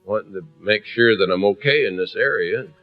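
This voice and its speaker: A man's voice: fairly low pitch, moderate pace, no echo, dull audio, faint music behind. A man preaching with humor, telling a story and acting out the voices of its people. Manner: animated, acts out voices, shifts from hushed to loud.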